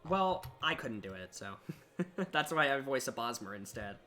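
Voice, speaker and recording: A young man chatting casually on a live stream as he builds a game level, his voice sitting mid-range. He talks to himself about his work in a self-deprecating way. Music plays clearly behind him, with keyboard typing. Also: medium pitch, sing-song, normal speed, bright, forceful tone. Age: young adult. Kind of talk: casual live-stream chat while working.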